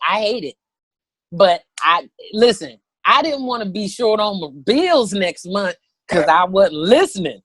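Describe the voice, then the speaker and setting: A woman in her thirties, a comedian telling a story, animated and profane, acting out the voices of people in it. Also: medium pitch, no echo. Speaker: comedian guest. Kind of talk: comic storytelling.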